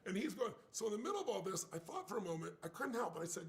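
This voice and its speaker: An older man telling a story in an emphatic, animated way. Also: high-pitched, rapid-fire. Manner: emphatic, acts out quoted voices.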